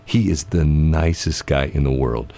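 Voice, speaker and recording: A man's voice: very deep voice, unhurried, dark tone. A man with a St. co-hosting casual morning radio, laughing often and joking. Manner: laughs often, jokey, acts out mock voices. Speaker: radio show co-host.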